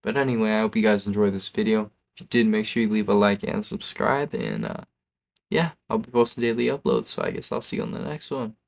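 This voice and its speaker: A man's voice: on the low side, animated, brisk, creaky. A man telling a story on his video channel in a rambling way, often tacking on "okay?" and "like". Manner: rambling, keeps adding "okay?" and "like". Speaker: YouTuber. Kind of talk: storytime vlog.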